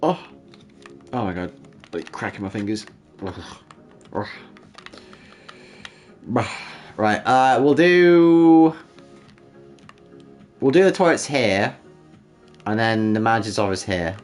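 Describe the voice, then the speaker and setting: A man's voice: fairly low pitch, expressive, takes it slowly, long pauses, a little mellow, soft background music. A man hosting a casual livestream, bantering and joking with chat, with frequent restarts. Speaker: livestream host.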